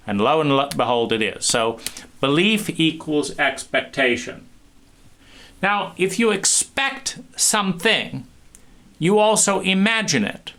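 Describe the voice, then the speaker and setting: Bright-voiced man giving a talk. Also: mid-range voice. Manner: animated, acts out little scenes with many restarts. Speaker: speaker. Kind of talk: lecture.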